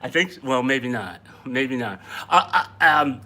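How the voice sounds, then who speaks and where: A man hosting a casual live-stream show, talking in an excitable, rambling, joking way. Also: mid-range voice, measured pace. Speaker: host.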